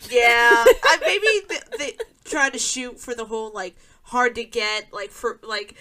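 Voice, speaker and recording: A woman joins a casual film chat as a podcast guest. Her voice is bright and fairly high, and her pitch moves a lot. She speaks slowly and drops dry, wry comments. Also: lively intonation.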